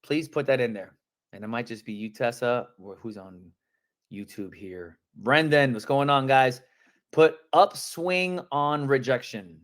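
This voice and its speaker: A man coaching real estate agents on a live-streamed sales training, talking in energetic, casual slang and acting out phone calls. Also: mid-range voice, unhurried.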